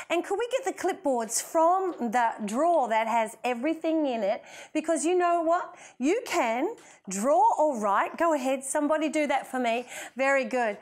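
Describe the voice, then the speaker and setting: A woman with a high, bright-pitched voice leads a children's Bible lesson in a kitchen. She is playful and encouraging, coaxing the kids along as she teaches. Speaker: children's minister.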